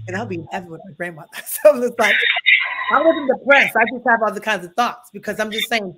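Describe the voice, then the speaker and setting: A woman's voice: mid-range voice, expressive, quick pace, a bit bright. A middle-aged woman pastor preaching at a Bible study in a folksy, emphatic way, often calling listeners honey.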